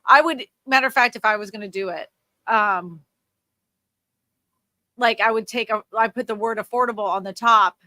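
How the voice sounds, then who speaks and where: A woman talks through feedback in a casual livestream, with a bright, forceful tone. Her delivery is direct and coaching, with quick asides. The sound is dry and close, with little room echo. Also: a little high. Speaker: co-host giving thumbnail feedback.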